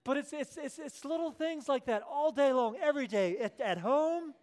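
A man preaching a sermon as pastor, swinging from hushed prayerful tones to loud emphatic passages and acting out quoted voices. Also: very high voice, expressive, moderate pace.

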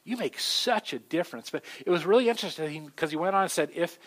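A middle-aged man preaching a sermon, telling stories with an animated delivery that swings from loud to soft. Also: on the high side, fast talker. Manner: animated storytelling, voices shifting loud and soft. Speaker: pastor.

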